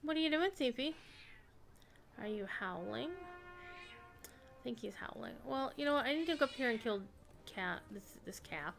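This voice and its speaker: A woman's voice: a little high, animated, moderate pace, gravelly, fairly bright tone, faint music behind. A woman streaming an online role-playing game, chatting casually as she plays and talking to her pets. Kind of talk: casual gameplay commentary.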